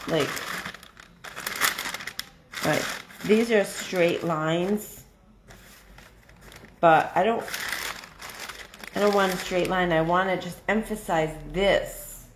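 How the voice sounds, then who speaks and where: A woman hosting a casual live craft stream, chatty and excitable, thinking out loud as she works. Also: lowish voice, extremely slow, pauses often, echoey room, background noise. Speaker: craft livestream host.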